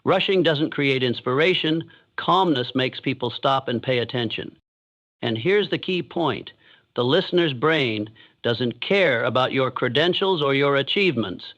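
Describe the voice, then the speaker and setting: A man giving scripted motivational narration with a measured, deliberate delivery and emphatic pauses. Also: mid-range voice, expressive, a bit bright, dull audio.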